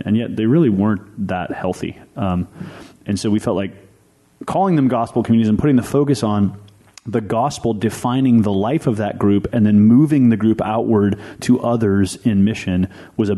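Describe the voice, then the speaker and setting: This pastor and podcast co-host has a fairly low, warm voice. In a casual discussion he explains ideas earnestly, thinking aloud and restarting often.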